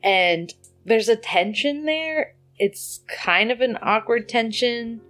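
A woman's voice: on the high side, slow pace, fairly bright tone. A woman in casual chat, animatedly retelling a story and laughing as she goes.

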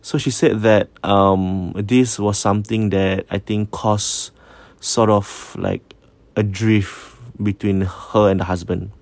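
A man with a Singaporean accent casually retelling a ghost story, switching between English and Malay, jumping up in pitch when quoting and dropping to a hush at the eerie parts. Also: slow, no room sound. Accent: Singaporean Malay-English mix. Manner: code-switching, animated when quoting, trailing hushed asides. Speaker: storyteller host.

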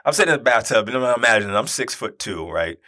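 A man in his forties telling a personal story in a conversational, animated way, often checking in with his listeners. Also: mid-range voice, fast. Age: 40s. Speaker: speaker and youth basketball coach.

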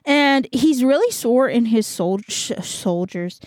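A woman's voice: a little high, lively intonation, slow pace, darkish tone, dry recording, clean studio sound. A young woman hosting a podcast, casually retelling a story with a rambling, giggly manner and many fillers. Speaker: podcast host. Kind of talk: casual chat.

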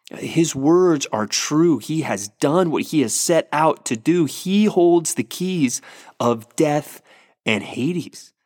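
Pastor, male, mid-high voice, earnest emphatic preaching, dry close recording. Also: animated, slow, darkish tone, dry recording. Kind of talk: sermon.

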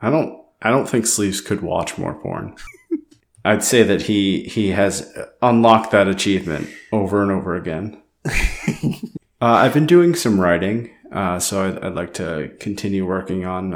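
A young adult man co-hosting a podcast in casual chat, with a dry, deadpan manner. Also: low voice, moderate pace. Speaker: podcast co-host.

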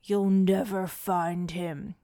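A woman's voice: lowish voice, little pitch movement, takes it slowly, mellow, no room sound, clean studio sound. A woman voicing a whimpering, defiant male thief in a children's story. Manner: sulky, whimpering.

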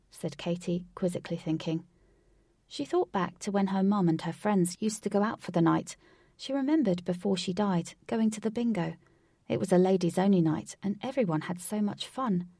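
Woman reading a story, gravelly. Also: medium pitch, moderate pace, no room sound, clean studio sound. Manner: expressive, voices each character. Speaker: narrator.

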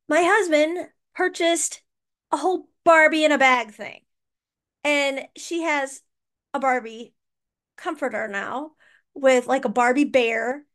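High-voiced woman telling a family story. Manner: animated, laughing, teasing storyteller. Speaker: podcast co-host, mother. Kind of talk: casual storytelling chat.

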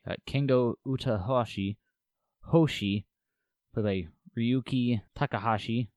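A man's voice: medium pitch, measured pace, darkish tone, no room sound. A man co-hosting a podcast, chiming in casually with dry, laid-back quips. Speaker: podcast co-host.

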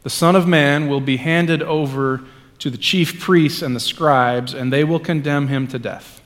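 A male pastor reading scripture aloud and then preaching a sermon, moving between hushed lines and loud ones, with casual asides. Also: on the high side, a little slow, big-room sound. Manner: reads scripture with dramatic swings from hushed to loud; conversational asides with fillers.

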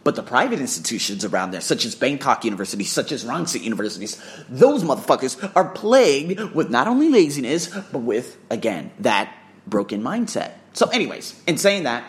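Man, vlogger, casual storytelling, profane, excitable, lively swooping pitch, mid-range voice. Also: brisk. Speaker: vlogger and English teacher.

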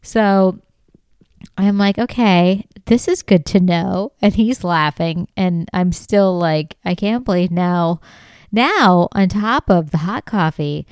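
A woman's voice: on the low side, slow, darkish tone, smooth, dry recording, clean studio sound. A middle-aged woman hosting a comedy podcast, telling a story in a casual way and laughing often as she talks. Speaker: podcast host.

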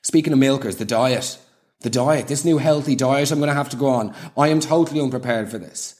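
A man's voice: medium pitch, fairly quick, darkish tone. A man delivering a sarcastic comic monologue, full of ranting, exasperated asides. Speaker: comedian.

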